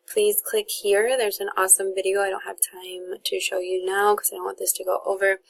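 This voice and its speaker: A woman's voice: medium pitch, flat delivery, brisk, vocal fry. A young woman, a teacher casually introducing her course to students and parents, with lots of fillers and restarts.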